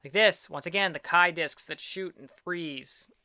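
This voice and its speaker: A young man talks casually as an art vlog host, rambling and upbeat as he pokes fun at his own work. His voice is bright and smooth. The recording is dry and close, with no room echo. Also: on the high side, unhurried. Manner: rambling, self-deprecating, upbeat. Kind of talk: casual chat.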